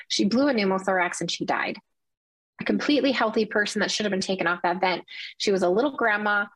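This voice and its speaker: A middle-aged woman, a nurse appearing as an interview guest, gives an emotional personal account in a mid-range, slightly rough voice. She speaks earnestly and with passion, often quoting what was said to her. The recording has no room sound but poor audio quality.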